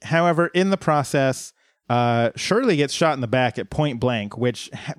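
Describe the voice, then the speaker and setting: A man co-hosting a podcast, recapping a TV episode in relaxed, unhurried casual chat. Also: mid-range voice, no echo, clean studio sound. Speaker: podcast co-host.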